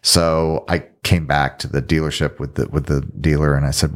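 A man from the American South, a film director as guest, telling animated stories in casual conversation in a podcast studio. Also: very deep voice, moderate pace, hardly any pauses. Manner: animated anecdote-teller, trails off and restarts. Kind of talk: casual storytelling in an interview.

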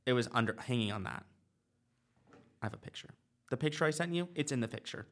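A man's voice: medium pitch, fast. A man co-hosting a podcast, telling a story in casual chat with lots of fillers. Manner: animated storytelling with many fillers. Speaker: podcast co-host.

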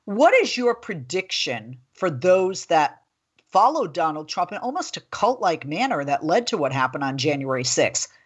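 A woman in her forties hosting a political talk radio show, chatting in an animated, storytelling way. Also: lowish voice, moderate pace, husky.

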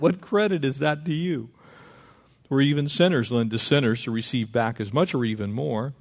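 A middle-aged man preaching a sermon, lively and conversational, acting out little dialogues. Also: a little high. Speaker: pastor.

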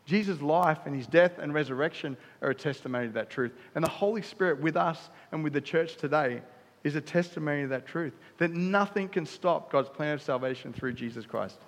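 A middle-aged Australian man preaches with an easy, conversational manner, throwing in casual asides between emphatic points. His voice sits a bit high for a man and rings out with the long reverb of a church hall. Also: a little fast. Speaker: pastor. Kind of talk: sermon.

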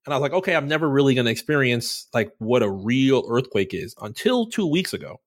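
Animated, swearing podcast co-host man. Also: medium pitch, a little fast. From Florida. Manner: animated, swearing, acts out his own reactions. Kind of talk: casual storytelling chat.

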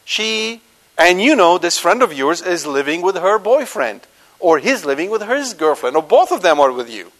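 Animated preacher man with a high voice. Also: moderate pace. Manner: animated, questioning the audience, swings between loud and soft. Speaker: Catholic preacher. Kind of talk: sermon to a live audience.

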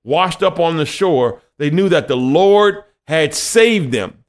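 A man's voice: a little high, lively intonation, takes it slowly. A young adult man preaching a conversational sermon and reading scripture, acting out quoted voices as he goes.

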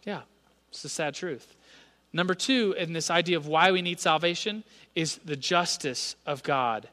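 Thirty-something guy preaching, chatty storytelling, bright voice, big reverb. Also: on the high side, moderate pace. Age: 30s. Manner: storytelling, conversational, animated. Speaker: pastor. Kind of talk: sermon. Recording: reverberant church hall.

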